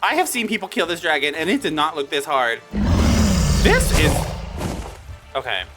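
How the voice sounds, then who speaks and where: A gaming video creator giving excitable let's-play commentary, exclaiming in surprise and talking back to the monsters on screen. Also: mid-range voice, moderate pace. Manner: excitable, frequent startled exclamations; talks to the game mobs. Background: background music.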